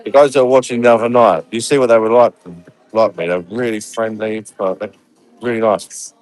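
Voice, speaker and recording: A man's voice: fairly low pitch, fairly even intonation, fairly quick, a little mellow. An English man vlogging casually from a holiday resort, talking bluntly and swearing freely. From England. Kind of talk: casual vlog chat.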